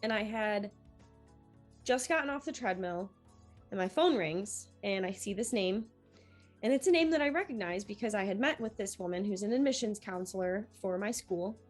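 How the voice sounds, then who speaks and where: A young woman, a newly accepted medical student, tells her story in an interview in an animated way, acting out the dialogue she quotes. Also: mid-range voice, moderate pace, soft background music.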